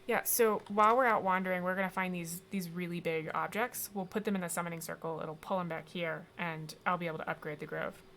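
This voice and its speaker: A woman's voice: lowish voice, steady tone, brisk, few pauses, fairly bright tone, slight background noise. A woman streaming a video game, giving chatty, rambling commentary full of ums. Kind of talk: casual gameplay commentary.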